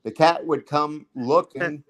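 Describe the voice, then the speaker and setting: A man chats loosely on a livestream, circling around his stories with fillers and restarts. His voice sits slightly higher than most men's. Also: takes it slowly, fairly bright tone, poor audio. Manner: rambling, many fillers and restarts. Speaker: guest telling stories. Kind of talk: casual livestream chat.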